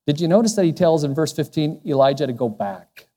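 A male pastor preaches in a personal, earnest manner, expressive and brisk, with passages where his voice softens and lowers. A long hall reverb surrounds the recording.

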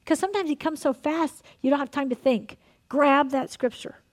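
A woman preaching in a lively, conversational way, laughing often and dropping to a hushed tone to lead prayer. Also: sits high, normal speed. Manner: drops to a soft, hushed tone in prayer. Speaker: pastor leading a ministry night. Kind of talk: sermon and guided prayer.

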